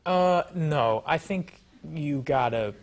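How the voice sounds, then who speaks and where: A man, an actor guest on a talk show, telling stories in an animated, joking, self-mocking way. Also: a little high, slow. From United States.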